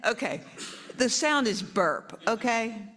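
Reading a picture book aloud to kids, a woman with a higher voice takes her time, staying lively and chatty. She pauses between pages to talk with the children and walk them through the story.

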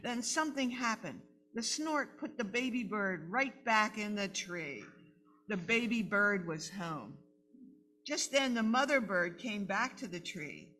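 A woman reading a picture book aloud to children at a live event, animated and talking to her audience. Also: mid-range voice, a little slow, faint music behind. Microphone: microphone.

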